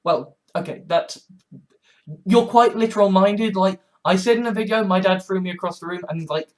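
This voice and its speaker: A man in his twenties in a rambling vlog monologue, halting and sardonic, with many restarts. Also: high voice. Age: 20s. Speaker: vlogger.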